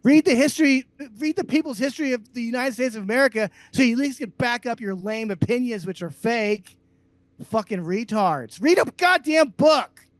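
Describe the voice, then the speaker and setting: A man co-hosting a comedy podcast, ranting loudly and sarcastically with heavy profanity. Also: very high voice, brisk, no room sound. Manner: loud, abrasive, sarcastic. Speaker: podcast co-host.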